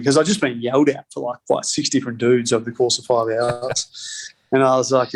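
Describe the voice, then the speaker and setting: A man's voice: medium pitch, little pitch movement, fairly quick. A man in a podcast interview, telling rambling stories with heavy swearing and laughs between lines. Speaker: podcast guest, spirits company co-founder. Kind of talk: casual storytelling.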